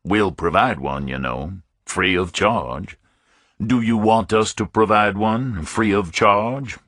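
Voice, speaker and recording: A man voicing a stubborn, formal male chief of detectives in his forties with a deep, rumbling voice and precise, clipped speech. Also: slow, fairly bright tone, slightly rough, dry recording, studio quality, full character voice.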